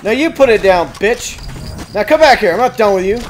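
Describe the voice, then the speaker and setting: A man's voice: high voice, expressive, fairly quick, noisy background. A man giving profane, trash-talking commentary while playing a video game. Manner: loud, swearing, trash-talking enemies. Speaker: let's play gamer. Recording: game music behind.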